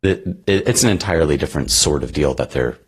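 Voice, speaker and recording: A man's voice: extremely low pitch, expressive, quick pace, husky. A man co-hosting a podcast, talking casually and rambling with many fillers. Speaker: podcast co-host. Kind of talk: casual chat.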